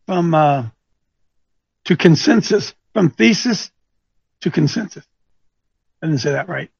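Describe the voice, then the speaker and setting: Man, coach type, husky, animated lecturer who quizzes listeners, dull muffled recording. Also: on the high side, measured pace, no echo. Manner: animated and teasing, quizzes listeners, thinks aloud. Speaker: coach speaking to an audience. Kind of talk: lecturing talk with rhetorical questions.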